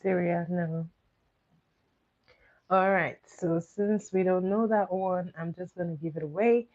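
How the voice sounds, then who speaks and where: A woman with a lowish, steady, slightly mellow voice runs casual trivia on a live stream, speaking a little slowly. She coaxes the chat, reading out each question and then repeating it. Her stream audio is dull and lo-fi.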